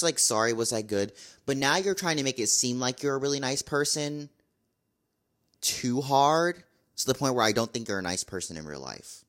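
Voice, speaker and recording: A man's voice: mid-range voice, a bit bright. A young man talking casually to camera in a vlog, blunt and exasperated, repeating his complaints. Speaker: vlogger.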